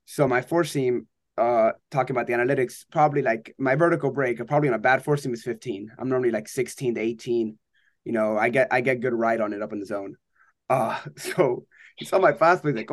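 A young man talks quickly through a pitching story and gets animated as he quotes the people in it. The recording is close and dry, with no room around him. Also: no echo. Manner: animated storyteller, acts out quotes, laughs often. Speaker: college baseball pitcher. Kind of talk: casual interview chat.

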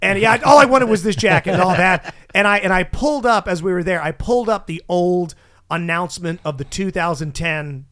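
A man hosting a podcast, telling a profane, animated story in casual chat and laughing mid-story. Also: high-pitched, a little fast. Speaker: podcast host and stand-up comedian.

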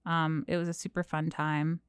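Young woman from New Jersey, smooth clear voice, slightly low, chatty podcast co-host. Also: flat delivery, normal speed, no room sound, clean studio sound. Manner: chatty, with frequent "um" and light laughs. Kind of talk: casual chat.

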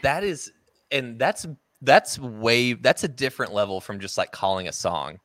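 A man's voice: mid-range voice, animated, moderate pace, a bit bright, dry recording, clean studio sound. A man hosting a casual chat, easygoing and enthusiastic as he listens and tells his own stories.

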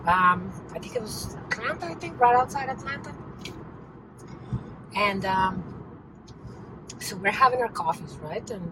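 A woman's voice: medium pitch, lively intonation, a little slow, pauses often. Rambling chatty woman in a noisy car. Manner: chatty, rambling, heavy use of "like" and restarts. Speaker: host telling a personal story. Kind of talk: casual storytelling monologue. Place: inside a car. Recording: distant mic with noisy car background.

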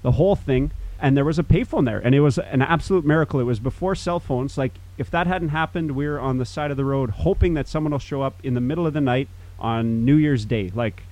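A man's voice: mid-range voice, fairly quick, few pauses, no room sound. A man in his fifties, from Manitoba, Canada, telling a rambling casual story among old friends. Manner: rambling, animated, restarts. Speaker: podcast host.

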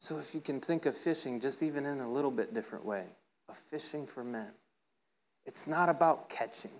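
The audio is poor as a brisk male preacher delivers an informal sermon. He shares a playful story, acting out voices with a rising pitch, and checks in with listeners by often asking "right?"

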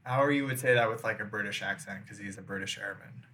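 A man's voice: lowish voice, quick pace, sharp tone, slight background noise. A young man hosting a casual chat, telling a mystery story full of "like" and "um", then reading out the facts. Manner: filler-heavy, reads facts then riffs. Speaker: podcast host.

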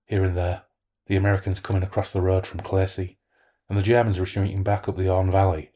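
A man's voice: low-pitched, little pitch movement, a little fast, warm tone. A man voicing a solemn elderly villager. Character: elderly male French villager, solemn storyteller.

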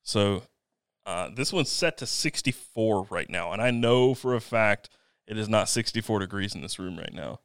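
A man's voice: on the low side, expressive, normal speed, a bit bright, clean tone, no echo. A man co-hosting a casual podcast, talking in a dry, matter-of-fact way. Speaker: podcast co-host.

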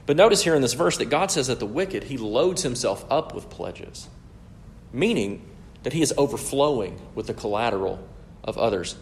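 A man's voice: mid-range voice, expressive, normal speed, creaky, a little hiss or hum. A man preaching an expository sermon in an emphatic, explanatory way, often checking in with "right?".

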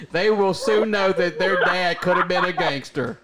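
A man's voice: high-pitched, heavy background noise. A man hosting a casual podcast interview, teasing his guest with prodding questions and laughing often. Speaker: podcast host.

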